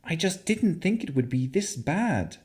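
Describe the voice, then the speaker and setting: A woman's voice: sits low, big pitch swings, measured pace, warm tone, voice pushed up. A male narrator voicing a composed young female warlock who speaks steadily and firmly. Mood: urgent.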